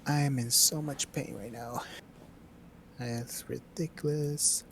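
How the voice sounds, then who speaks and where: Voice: medium pitch, steady tone. Laid-back friend on a stream, faint hiss. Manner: laid-back, quick to laugh, swears casually. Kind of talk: casual chat on a livestream.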